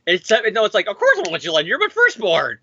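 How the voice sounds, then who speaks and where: A man with a high, bright voice that jumps all over as he rants and swears about comics. He talks fast in asides, close on a dull, dry, lo-fi mic. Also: huge pitch swings, a little hiss or hum. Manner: profane, ranting, fast asides. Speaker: podcast co-host. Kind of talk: casual comic book chat.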